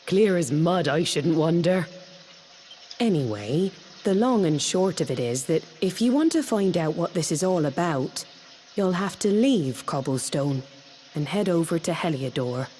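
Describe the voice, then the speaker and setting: A woman's voice: on the low side, lively intonation, measured pace, slight background noise. Homely country mother. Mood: explaining. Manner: homely, fussing, gently teasing. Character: kindly country mother of the hero. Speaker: mother figure in a video game.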